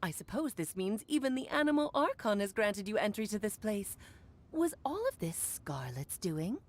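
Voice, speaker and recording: A woman's voice: medium pitch, big pitch swings, normal speed. A woman voicing a grand, coy and theatrical female witch mentor in a video game. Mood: storytelling. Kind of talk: game voice acting. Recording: game audio with faint music.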